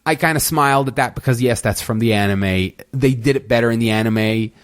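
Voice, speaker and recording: A man's voice: medium pitch, fairly quick. A man hosting a solo review podcast, talking casually and rambling with frequent restarts and exasperated asides. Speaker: podcast host.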